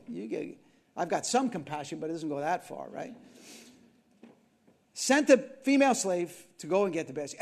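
Man, preacher, high voice, very lively pitch, animated storytelling, sermon. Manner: animated storytelling with asides and questions to the audience. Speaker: pastor.

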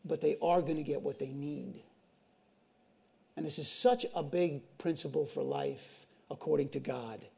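A man preaching a sermon to his congregation, impassioned, swinging from loud to hushed and repeating phrases. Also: a little high, a little slow, gravelly, slightly rough. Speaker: pastor.

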